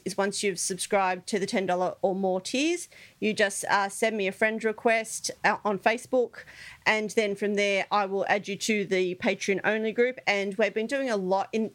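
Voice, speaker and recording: A woman's voice: medium pitch, steady tone, normal speed. A woman co-hosting a true-crime podcast, chatting casually, laughing easily and often repeating words as she starts her sentences. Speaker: podcast co-host and crime researcher.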